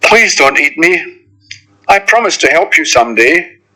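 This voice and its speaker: A man voicing a small, kind male mouse in a squeaky raised voice for a recorded children's story. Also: lively intonation, measured pace, bright, forceful tone, heavily acted, rough recording. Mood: pleading.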